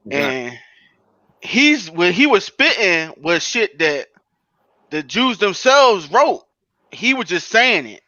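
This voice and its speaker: A man's voice: high voice, sing-song, slow pace, bright, forceful tone, no echo, highs cut off. A man co-hosting a casual podcast chat, talking earnestly and explaining at length.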